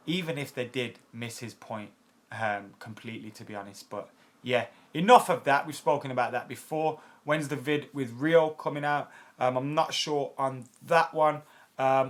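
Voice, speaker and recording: A medium-pitched man in his late twenties hosts a football fan channel and replies to viewer comments. He's chatty and blunt, uses plenty of fillers, and swears now and then.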